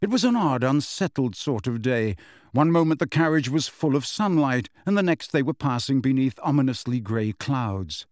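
Here an audiobook narrator, a man, reads a novel aloud in scripted narration, keeping his storytelling even and measured. The mid-range voice comes through a dry, studio-quality recording.

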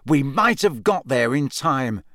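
A man's voice: on the high side, big pitch swings, normal speed, no room sound, clean studio sound, pitched above the performer's own voice. A man voicing a troubled, earnest teenage boy in an audiobook, speaking wearily with some bitterness. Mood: weary. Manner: earnest, weary, a bit dull and bitter. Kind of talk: audiobook character voice.

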